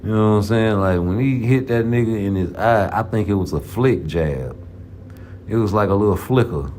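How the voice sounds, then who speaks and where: A man's voice: on the low side, normal speed, a little mellow, a little hiss or hum. A man giving casual, profane, rambling boxing commentary in a vlog. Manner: profane, rambling, slang-heavy. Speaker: boxing vlogger. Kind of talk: casual trash-talking commentary.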